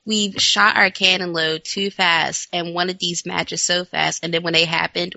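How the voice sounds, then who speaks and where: A woman's voice: lowish voice, level tone, unhurried, creaky, few pauses, pushed and bright, no echo. A woman co-hosting a wrestling podcast in casual chat, enthusiastic and blunt, laughing often. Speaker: returning co-host. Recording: dull lo-fi sound.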